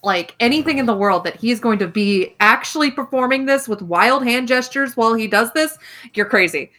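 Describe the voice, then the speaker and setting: A woman's voice: a little high, lively intonation, brisk, bright, forceful tone, faint music behind. A woman narrating a tabletop game as game master, casual with lots of fillers.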